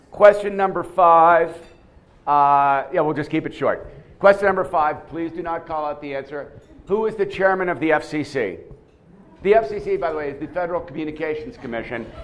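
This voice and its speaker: A man with a slightly high voice runs a quiz for a seminar audience in a conference room. He talks in an animated lecture style, asking questions, calling on people and repeating words as he thinks. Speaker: seminar speaker running a quiz.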